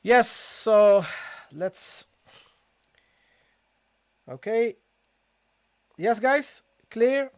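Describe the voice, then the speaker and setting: A recitation teacher giving a live-streamed online lesson, explaining step by step, checking understanding with a frequent "okay?" and slowly sounding out letters to demonstrate. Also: medium pitch, expressive, a little mellow, clean tone, dry recording, studio quality.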